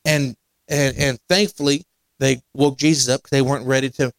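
A man's voice: mid-range voice, flat delivery, normal speed, dry recording. A male pastor preaching a sermon, talking plainly with repeated words and restarts, then building to emphatic points. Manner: conversational preaching with repetitions and restarts, rising to emphatic. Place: church sanctuary.

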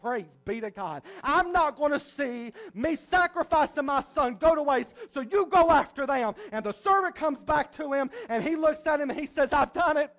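A male pastor preaching a sermon, swinging between soft, low passages and loud, rising ones. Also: animated, normal speed, hardly any pauses.

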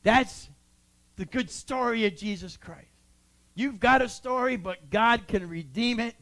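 A man who is a church pastor, preaching a sermon and building to shouted exhortations. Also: extremely high pitch, a little slow.

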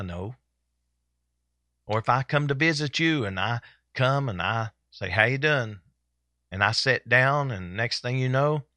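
A male pastor preaches with fervent, homespun energy, driving his points home by repetition. His voice sits at a middling pitch. The sound is dry and close. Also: bright, forceful tone, no echo. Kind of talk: sermon. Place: church service.

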